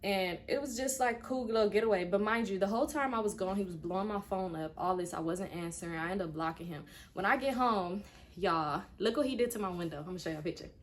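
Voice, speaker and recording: Woman, 20s, casual storytime vlogger, mid-pitched, frank and direct with viewers. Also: fast, slight background noise. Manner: animated retelling that acts out quoted speech.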